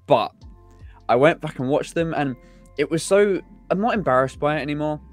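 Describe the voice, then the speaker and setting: A man's voice: on the high side, animated, moderate pace, soft background music. A young man chatting casually on a podcast, rambling with many fillers and restarts. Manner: rambling, hesitant, lots of "like" and "um".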